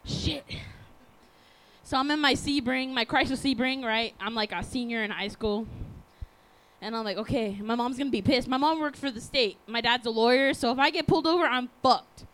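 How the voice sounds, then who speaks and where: A young Texan woman tells a rambling, profanity-laced story on stage at a live show. Her voice sits high, bright and clean. She talks in a loose, excitable way. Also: moderate pace. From Texas, USA. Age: 20s. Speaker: audience guest.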